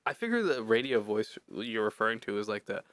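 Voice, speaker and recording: A man's voice: fairly low pitch, sing-song, brisk, a bit bright, no echo. Rambling man on a podcast. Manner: rambling, joking, many fillers. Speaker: podcast co-host. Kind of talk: casual chat.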